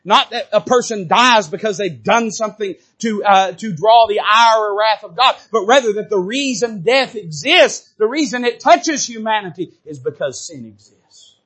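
Man, pastor, high voice, fervent sermon, speaks straight to the congregation, sharp rises and drops in force. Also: lively intonation, moderate pace, hardly any pauses, breathy edge. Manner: fervent preaching with big swings in pitch and loudness; addresses the congregation directly. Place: church sanctuary.

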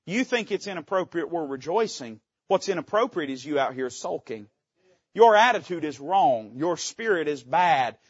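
A pastor delivers an impassioned sermon, his fairly high voice climbing into loud peaks and then dropping to quiet asides. The sound is dry and a little dull, as if recorded close on a modest mic. He speaks with folksy directness. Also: breathy edge, no echo. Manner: impassioned preaching, swinging between soft asides and loud climaxes. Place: church sanctuary.

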